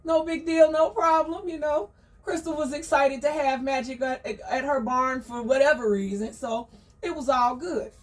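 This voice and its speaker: A woman telling a story in a chatty, slangy, gossipy way, full of animated asides. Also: high-pitched, normal speed, far from the mic.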